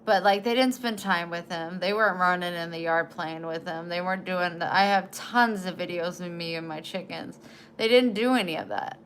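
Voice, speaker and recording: A woman in her forties chatting casually to camera, emotional and halting, often trailing off and starting again. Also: fairly low pitch, a bit bright. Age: 40s. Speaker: vlogger.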